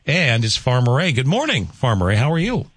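A man's voice: mid-range voice, very animated, brisk, fairly bright tone, breathy edge. A man hosting a morning radio show, reading the forecast and teasing a caller in an easygoing way. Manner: easygoing, teasing, some filler uhs. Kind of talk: radio host chat and forecast. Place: radio studio. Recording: dry close studio mic.

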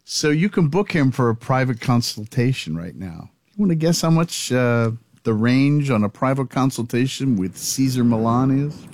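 Lively man podcast co-host, dry sound. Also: medium pitch, normal speed, few pauses, no room sound. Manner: chatty, reads facts aloud. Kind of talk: casual chat.

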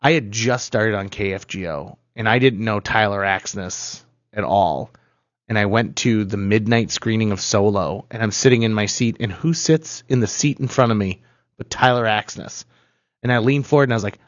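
A man's voice: lowish voice, moderate pace, dry recording, muffled recording. A man co-hosting a radio show, telling stories in casual, playful banter. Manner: storytelling, playful. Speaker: radio co-host.

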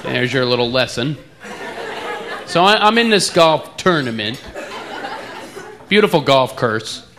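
A man's voice: medium pitch, expressive, a little slow. East Coast comic man over a roaring crowd. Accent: East Coast American. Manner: self-mocking, plays with his accent. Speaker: stand-up comedian. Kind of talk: stand-up comedy routine. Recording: loud crowd noise, live club.

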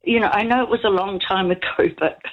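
A woman's voice: mid-range voice, steady tone, fairly quick. A woman, calling into a radio show and telling a rambling story while giggling. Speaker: caller. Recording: dull lo-fi radio call line.

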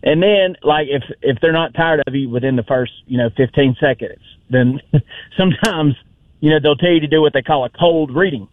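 A man's voice: fairly high pitch, normal speed. A man calling into a radio show, chatting in a loose, filler-heavy way. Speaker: caller. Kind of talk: phone-in chat. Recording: dry tinny phone line.

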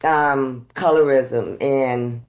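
A middle-aged actress telling candid stories about auditions, unhurried and reflective, growing animated as she retells them. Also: very deep voice. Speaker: actress guest. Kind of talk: candid conversational storytelling.

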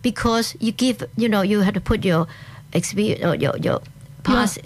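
A woman's voice: mid-range voice, moderate pace. A woman from Hong Kong with a Hong Kong accent, chatting enthusiastically as a guest in an interview and laughing often. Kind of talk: casual interview chat.

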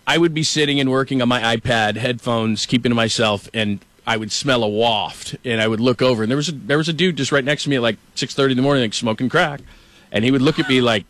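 A middle-aged man hosting a sports talk show, chatting casually and telling animated stories. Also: medium pitch, quick pace, no echo. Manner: storytelling, animated, quotes people.

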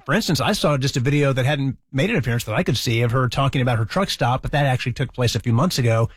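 A man hosting an afternoon radio show, chatting casually and fast with callers and listeners into a studio microphone. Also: mid-range voice, no room sound. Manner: chatty, warm, fast-talking. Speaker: radio host.

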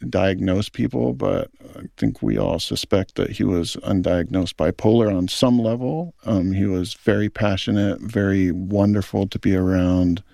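A man's voice: low-pitched, steady tone, moderate pace, creaky, few pauses, mellow, dry recording, clean studio sound. A middle-aged man, a film director, speaking in an earnest, thoughtful interview. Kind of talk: reflective interview talk.

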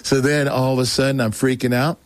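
A man, a show guest, telling his conversion story in a rambling, animated way with many restarts. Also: mid-range voice, fairly quick, dry recording. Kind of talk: casual spoken testimony.

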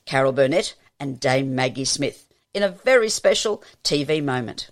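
A man hosting a radio show in a friendly announcer manner. His voice sits at a middle pitch. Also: lively intonation, moderate pace, very noisy. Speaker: radio host. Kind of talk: radio presenting.

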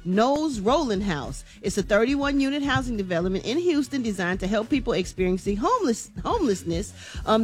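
A woman hosting an entertainment news segment on a morning radio show, chatty and folksy. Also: mid-range voice. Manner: chatty, animated, folksy asides.

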